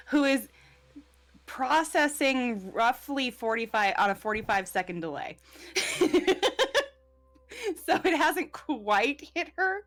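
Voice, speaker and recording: A woman playing a tabletop role-playing game, reacting in an excited, animated way. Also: sits high, slow pace. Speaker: player.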